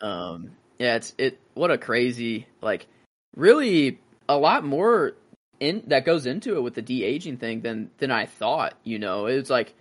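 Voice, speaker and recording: A relaxed young man talks over a film with a friend. He hesitates and swears casually, and now and then mimics the people in the story. His voice sits in a middle register. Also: medium pitch, a little slow. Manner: laid-back, swears, hesitant, mimics characters. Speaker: podcast co-host.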